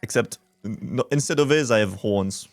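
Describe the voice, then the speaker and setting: A man's voice: mid-range voice, moderate pace, dry recording, faint music behind. A man streaming a game, chatting casually and crudely with a joking, laughing manner, close to a desk mic.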